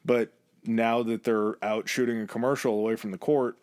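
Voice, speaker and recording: A man's voice: normal speed, smooth, no echo. Man telling a story on a dry podcast mic. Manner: relaxed storyteller, acts out quoted lines with shifts in pitch. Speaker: podcast host. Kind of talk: casual storytelling chat.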